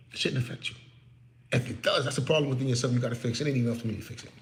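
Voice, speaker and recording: A man's voice: medium pitch, very fast, roomy sound, a little hiss or hum. A man working as a real estate investor, talking candidly and preaching a little to the listener, in a casual motivational talk from his office.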